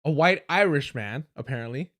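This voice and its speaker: Sarcastic guy ranting on his stream, swears a lot, laughs at stuff, ordinary middle pitch. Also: animated, normal speed, a bit bright. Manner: mocking, laughs often. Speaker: livestream host. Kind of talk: live commentary reacting to clips.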